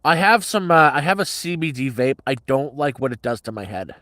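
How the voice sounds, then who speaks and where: A man's voice: medium pitch, big pitch swings, a little fast, fairly bright tone, no echo. A middle-aged man telling a story on a casual livestream in a blunt, heavily profane, agitated way.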